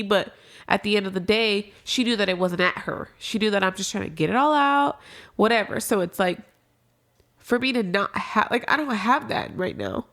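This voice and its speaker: A woman's voice: medium pitch, normal speed, fairly bright tone. A young adult woman as a podcast guest, talking candidly and casually about grief, swearing freely and trailing off into restarts.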